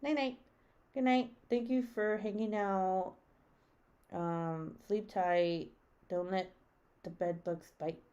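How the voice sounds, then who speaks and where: A woman's voice: mid-range voice, steady tone, takes it slowly, long pauses, mellow, clear, resonant tone, dull audio. A young adult woman hosting a live stream, chatting casually with viewers, swearing freely and laughing often. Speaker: livestream host reading viewer chat.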